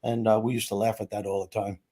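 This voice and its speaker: A man's voice: fairly low pitch, quick pace, a little hiss or hum. A man hosting a podcast, talking casually and jokily. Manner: animated, jokey, does impressions. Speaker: host.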